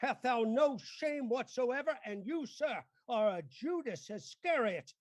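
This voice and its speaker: His pitch is extremely high, his delivery animated yet unhurried, as this improv stage actor plays a blustering, scolding, pompous older senator father. The improvised mock-Shakespearean scene is recorded dry.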